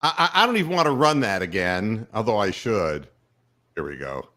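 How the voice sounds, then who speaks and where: A man's voice: on the low side, sing-song, moderate pace, bright, forceful tone. A man hosting a podcast, ranting sarcastically and swearing freely. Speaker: podcast host. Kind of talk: profane rant.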